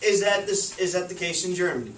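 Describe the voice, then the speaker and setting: A man's voice: high voice, fast talker, over a noisy crowd. A male teacher, leading a classroom lesson by asking the class questions and repeating their answers. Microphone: far camera. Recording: echoey classroom from far off.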